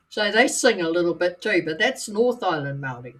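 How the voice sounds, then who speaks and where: A woman's voice: on the low side, expressive, brisk, hardly any pauses, a bit bright, breathy edge. A woman from New Zealand with a Scottish-tinged accent, co-hosting a livestream in a chatty way and laughing often. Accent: New Zealand with a Scottish lilt. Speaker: co-host. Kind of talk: casual livestream chat.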